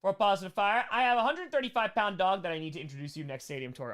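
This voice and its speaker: A young man hosting a loose live-stream Q&A, joking and rambling between chat questions. His voice sits a little high and comes through smooth and clear. He talks in quick asides. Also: lively intonation, a bit bright.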